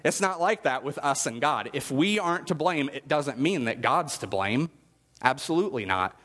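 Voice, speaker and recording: A man of middle pitch preaches in an easy, conversational way and often asks the congregation questions. His voice carries a long reverb from a large hall. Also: animated, normal speed, a bit bright. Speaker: pastor. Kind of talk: sermon.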